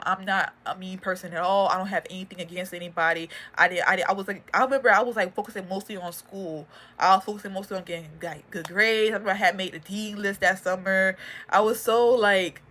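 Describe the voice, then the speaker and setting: A young woman giving a personal testimony, earnest and halting with many fillers and restarts, audibly emotional. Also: mid-range voice, steady tone, sharp tone. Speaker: faith and motivation vlogger.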